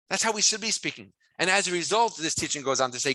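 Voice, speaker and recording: A man teaching as a rabbi, in a lively way, full of rhetorical questions. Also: on the high side, fast, hardly any pauses, no room sound, rough recording. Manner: animated, asks many rhetorical questions.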